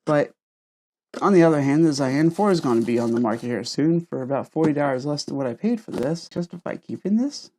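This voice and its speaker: A man reviews gadgets in a casual vlog at home, talking to camera through a wireless lavalier mic. His voice sits on the high side, animated and mellow at a fairly quick pace, and he rambles, stutters and repeats words.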